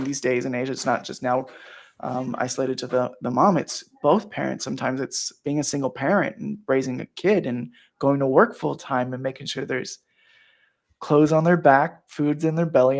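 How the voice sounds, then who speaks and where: A man's voice: mid-range voice, vocal fry. A man hosting a casual podcast chat, earnest and emotional, with many fillers and restarts. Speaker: host.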